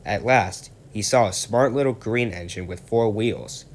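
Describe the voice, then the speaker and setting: A man reading a children's railway story aloud in a calm, steady way. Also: on the low side, a little slow.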